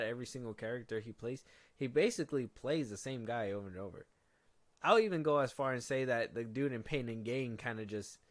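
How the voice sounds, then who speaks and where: A man co-hosting a movie podcast in casual, profane banter, joking and acting out reactions. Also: medium pitch. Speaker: podcast co-host.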